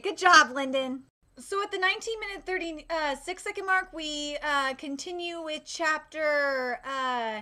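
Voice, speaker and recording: A woman in her late twenties giving live reaction commentary on an anime, gushing and excitable, bursting into loud shrieks and swearing freely. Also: very high-pitched.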